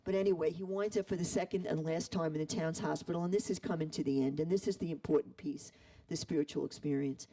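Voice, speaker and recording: A man retelling a story in an animated way, acting out the quoted voices. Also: on the high side, fast talker, few pauses, recorded from a distance, low-quality recording. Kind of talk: storytelling talk.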